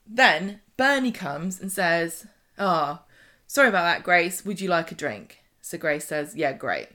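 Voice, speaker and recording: Speaking at a measured pace in a lowish voice, this podcast co-host goes over soap storylines conversationally. She's animated and performs the characters' dialogue herself.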